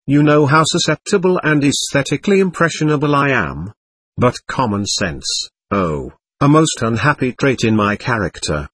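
A man reading as a sly, husky devil. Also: mid-range voice, a bit bright, no room sound. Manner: ironic, theatrical, self-pitying musing. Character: sly mocking male devil, talkative and sulking. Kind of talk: audiobook reading of a novel.

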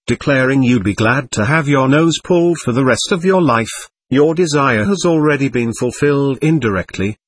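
A man's voice: medium pitch, slightly rough, no room sound. A man voicing an old Jesuit priest who speaks in an evasive, preachy, sententious manner.

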